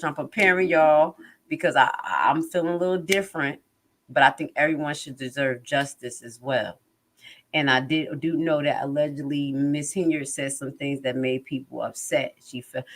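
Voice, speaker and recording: A middle-aged woman, hosting a live stream and talking in a blunt, animated, casual way. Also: low voice. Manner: blunt and animated, acts out other people's lines. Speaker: host of a live commentary stream.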